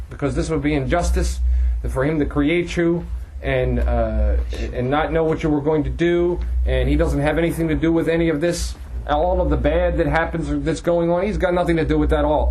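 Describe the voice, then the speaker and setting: In poor-quality audio, a man with a slightly high, darkish voice teaches a classroom lecture on a religious text. He reads passages aloud, then translates and explains them phrase by phrase, often restarting.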